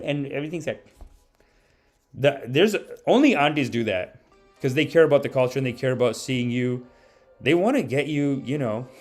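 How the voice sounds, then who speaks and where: A man hosting a comedy live stream, ranting casually in a rambling, profane way into a home mic. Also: mid-range voice.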